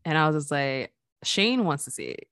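A woman's voice: deep voice, very animated, moderate pace, a bit bright, dry recording, clean studio sound. A woman co-hosting a podcast in casual chat, laughing often and teasing. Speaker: podcast co-host.

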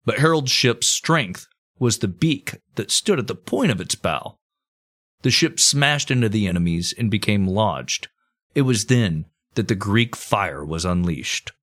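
A man's voice: fairly low pitch, animated, a little slow, a bit bright. A man hosting a comedy history podcast, telling the story casually with crude jokes and plenty of swearing. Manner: crude, joking, swears freely.

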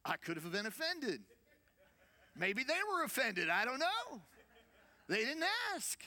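A man's voice: very high voice, big pitch swings, unhurried, bright, forceful tone. A man preaching as a senior pastor, conversational, with rhetorical questions and repeated phrases. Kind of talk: sermon.

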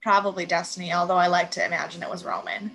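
A woman co-host chats casually about a TV episode, her voice bright and clear. She retells scenes with lively energy, dropping into quick impressions of the characters. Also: lowish voice, slight background noise, poor audio. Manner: animated retelling, quoting characters. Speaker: podcast co-host. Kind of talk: casual TV recap chat.

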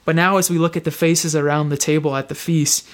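A man preaching a sermon, retelling a scene in a reflective, storytelling way with slow, deliberate phrasing and pauses. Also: on the high side, little pitch movement.

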